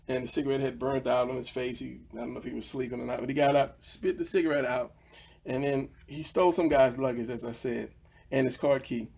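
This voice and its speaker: Man, gravelly voice, husky, casual rambling tutorial, many fillers. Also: medium pitch, darkish tone. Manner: rambling, many fillers and restarts, retelling a story. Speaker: comic artist teaching.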